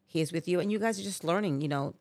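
A woman's voice: lowish voice, fast talker, a little mellow, no room sound. A woman in her sixties, a mother chatting about family on a remote podcast setup, rambling with lots of "you know" fillers and restarts. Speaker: guest, mother of the hosts. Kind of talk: casual family chat.

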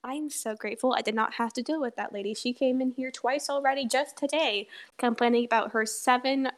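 A woman's voice: high voice, a little fast. A teenage girl voicing a relieved male restaurant manager.

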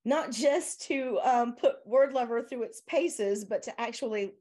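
A woman's voice: fairly high pitch, a little slow, warm tone. A woman with a Southern US accent, a guest chatting casually in an interview, rambling with many fillers and restarts. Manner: laughs often. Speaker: guest, software owner.

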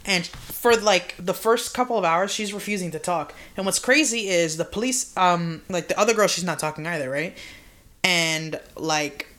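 A woman's voice: fairly low pitch, normal speed, a bit bright. A young woman co-hosting a podcast, telling a creepy story in casual chat, full of swearing and "like" and "right?". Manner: swears a lot, fillers like "like" and "right?". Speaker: podcast co-host.

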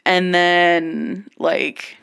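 A woman hosting a podcast, explaining things in a relaxed, rambling, casual way. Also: on the low side, drawn-out words, clean tone. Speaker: podcast host. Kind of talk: casual chat.

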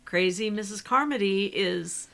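A woman's voice: medium pitch, a little slow, gravelly, fairly bright tone. A woman co-hosting a podcast, casually retelling and discussing a book's plot in a chatty way. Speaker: podcast co-host.

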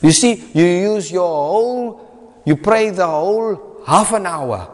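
A man's voice: high voice, animated, slow pace. A man with a South African accent preaching a sermon emphatically, dropping into Afrikaans phrases. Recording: reverberant hall.

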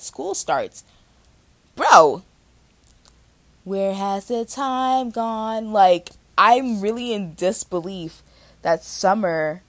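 A woman's voice: mid-range voice, dry recording. A young woman in her twenties hosting a podcast, chatting casually with slang and swearing. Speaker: podcast host. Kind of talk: casual chat.

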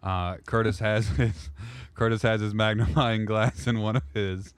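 Low, clear-voiced male game master. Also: fairly even intonation, measured pace, dry recording. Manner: loose, rambling narration with self-corrections. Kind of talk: narrating a role-play podcast.

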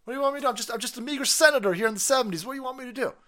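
A man putting on a rambling, aging male career politician who stammers out empty promises. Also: sharp tone. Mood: mocking, rambling. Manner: high, fast, bumbling and stammering.

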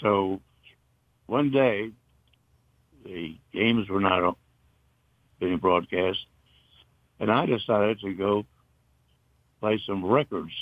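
An older man from North Carolina, a retired broadcaster, reminiscing in a halting, rambling way with many fillers. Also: on the low side, no echo. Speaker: interview guest, retired broadcaster. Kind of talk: casual reminiscing. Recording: dull, muffled dry recording.

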